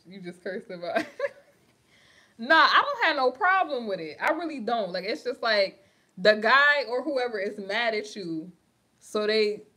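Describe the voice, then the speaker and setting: A woman's voice: medium pitch, pushed and bright. A young woman from New York with a New York accent, hosting a casual livestream and chatting with viewers, laughing often and talking in slang. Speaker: livestream host. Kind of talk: casual livestream chat reading comments.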